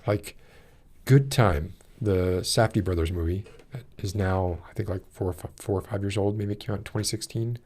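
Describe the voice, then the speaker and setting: Deep-voiced guy rambling on his podcast, lots of ums and restarts. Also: normal speed, a little mellow. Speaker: podcast host. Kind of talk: casual rambling chat.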